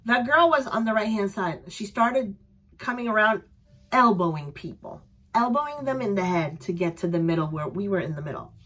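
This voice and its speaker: A young woman vlogger casually telling a story to camera, animated and acting out voices, her voice a little strained. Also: moderate pace. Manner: animated, acts out voices with loud high yells. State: voice slightly strained.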